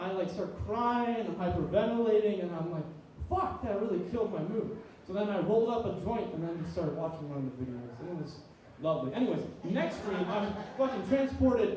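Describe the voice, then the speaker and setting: A man's voice: high-pitched, mellow, a little hiss or hum. A young man in his twenties doing a rambling, profane stand-up set in a small comedy venue. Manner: rambling, profane, self-deprecating storytelling. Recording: very echoey room, distant mic.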